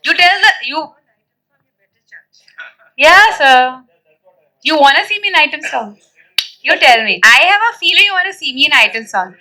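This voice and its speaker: Chatty woman, bright voice, animated interview anecdotes. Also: sits high, moderate pace, long pauses, poor audio. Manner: chatty, animated storytelling with fillers and laughs. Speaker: actress at a film press event. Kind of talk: casual press interview chat.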